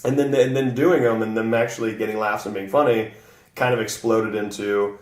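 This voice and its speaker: A man's voice: lowish voice, steady tone, fairly quick, far from the mic. A man from the Southern United States, a guest comedian in casual chat, easygoing and rambling, laughing often. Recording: roomy echo, from the mic.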